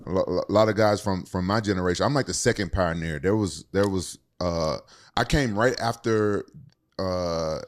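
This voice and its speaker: A man's voice: low-pitched, moderate pace. A man hosting a podcast, talking in a loose, conversational way that repeats words as he goes. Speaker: podcast host. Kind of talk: casual podcast talk.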